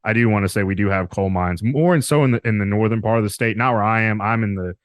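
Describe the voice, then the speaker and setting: Rambling laid-back man, low voice. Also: quick pace, no room sound, clean studio sound. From Alabama. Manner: rambling, laughs often, loose and profane. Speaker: podcast guest. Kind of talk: casual interview chat.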